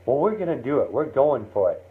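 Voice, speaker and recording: A man's voice: mid-range voice, sing-song, a little fast, close to an everyday voice. A man voicing an amazed sixteen-year-old girl who talks eagerly, over a tinny phone-like line.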